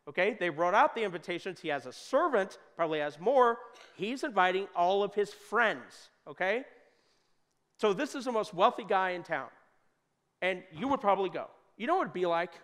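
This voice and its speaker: A man preaching a sermon in a church, talking conversationally and joking, with sudden loud bursts. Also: sits high. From United States. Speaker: pastor. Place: church hall. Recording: long hall reverb.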